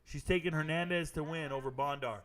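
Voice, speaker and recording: A man's voice: on the high side, steady tone, fairly quick, a bit bright. A man streaming his reactions to live fights. He jokes, repeats lines, and talks straight to his viewers. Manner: joking, repeats himself, talks straight to chat. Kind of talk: casual live-stream commentary.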